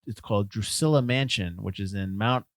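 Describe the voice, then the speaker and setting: A man's voice: lowish voice, dry recording. Rambling man co-hosting a podcast, dry sound. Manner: rambling, self-interrupting, quick to laugh. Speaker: podcast co-host. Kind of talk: casual chat about a film.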